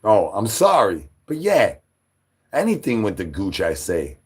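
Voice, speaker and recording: A man hosting a live stream, talking to chat in rapid rhyming nonsense banter. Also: on the low side, huge pitch swings, breathy edge. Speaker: livestream host.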